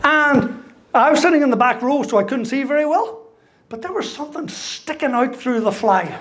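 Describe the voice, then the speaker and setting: A man's voice: very high voice, expressive, moderate pace, fairly bright tone. A man, giving a humorous motivational talk full of stories, punchy jokes and a constant "right?" tagged onto his lines. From Ireland. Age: 50s. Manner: storytelling, punchy jokes, keeps tagging "right?". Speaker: motivational speaker. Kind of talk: humorous keynote speech.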